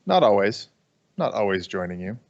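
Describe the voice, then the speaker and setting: A man's voice: lowish voice, big pitch swings, vocal fry, a little mellow, lo-fi sound. A man co-hosting a gaming podcast, chatting casually with a dry, wry humor and a habit of ranting. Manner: dry, wry, quick to rant. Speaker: podcast co-host.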